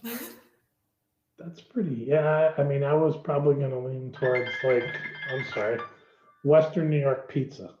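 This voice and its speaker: A male sales guest answers casual questions over a video call, often repeating words as he stumbles. His voice is mellow and warm. The audio is dull and echoey. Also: mid-range voice, fairly even intonation, normal speed, soft background music.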